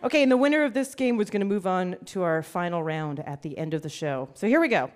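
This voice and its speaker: Lively-voiced woman hosting a live quiz. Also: lowish voice, fast talker, a little hiss or hum. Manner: playful, laughing, joking banter. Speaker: quiz show host. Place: live show venue with audience.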